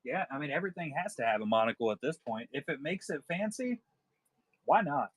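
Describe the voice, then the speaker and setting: A man's voice: fairly high pitch, sing-song, a little fast, slightly rough, dry recording. A man hosting a live-stream card sale, chatting casually and joking with viewers. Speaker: livestream seller host.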